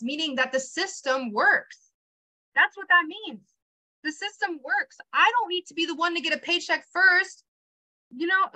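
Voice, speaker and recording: A young woman giving a motivational training talk, energetic and chatty with lots of fillers. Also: high-pitched, low-quality recording.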